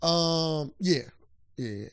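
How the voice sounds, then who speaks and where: A man's voice: fairly high pitch, lively intonation, slow pace, clear, resonant tone, no room sound, studio quality. A man co-hosting a podcast in casual chat, teasing his partner and joking around. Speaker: podcast co-host.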